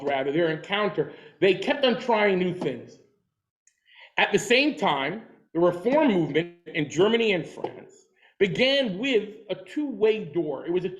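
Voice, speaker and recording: In a low-quality recording, a high-voiced male teacher lectures a history class, weaving in stories, jokes, and acted-out quotes. He often repeats words and restarts his sentences.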